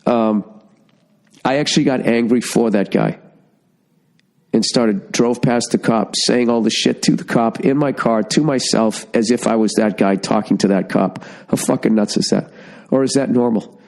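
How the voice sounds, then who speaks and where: This middle-aged host from Massachusetts has a medium-pitched voice with vocal fry and talks at a normal speed, clearly congested from a cold. Alone on his casual podcast, he swears freely, rants, tells stories and throws in lively asides, all captured through a studio podcast microphone.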